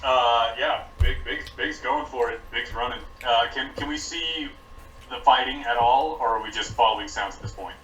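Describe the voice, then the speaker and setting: A man's voice: medium pitch, normal speed, a bit bright, faint music behind. Guy playing a tabletop game, kinda far from the mic, roomy echo. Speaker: player. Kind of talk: casual tabletop play. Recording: distant, echoey room.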